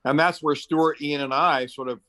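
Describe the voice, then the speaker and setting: This man's voice is a little high, steady, and fairly bright. In his seventies and raised in the Middle East, he's a chatty interview guest who tells brisk stories full of fillers, voicing the quotes himself.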